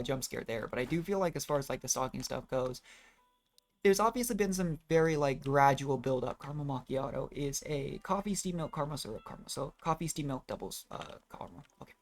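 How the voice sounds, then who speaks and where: A gamer giving casual, rambling commentary while playing, often trailing off and restarting thoughts. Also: mid-range voice. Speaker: let's play gamer.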